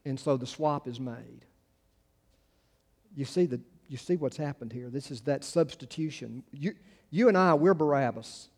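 A man's voice: medium pitch, moderate pace, darkish tone, long reverb tail. A man preaching a sermon as pastor, earnest, with frequent restarts and rising emphatic peaks.

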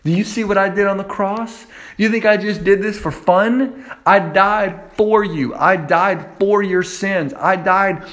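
A man voicing Jesus as an earnest male savior, speaking slow and emphatic. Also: high-pitched, fairly bright tone, voice pushed up. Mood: pleading.

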